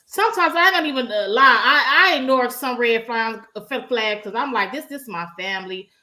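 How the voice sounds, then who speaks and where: A woman's voice: a little high, normal speed, sharp tone. A woman co-hosting a podcast, speaking candidly and bluntly in casual chat. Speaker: podcast co-host.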